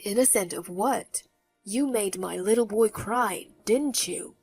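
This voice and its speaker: Story read: stern tattooed father, as a woman narrator puts him on, quiet threat. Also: medium pitch, takes it slowly, breathy edge, dry recording. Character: burly tattooed protective father. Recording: faint background music.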